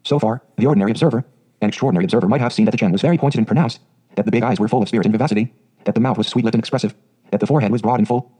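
Fast, husky male audiobook narrator. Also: on the low side, poor audio. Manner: steady storybook reading. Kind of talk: scripted narration.

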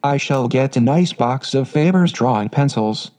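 A man's voice: mid-range voice, animated, moderate pace, darkish tone, close to an everyday voice. A man reading prim little sister Amy. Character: little girl Amy, youngest, prim and sulky.

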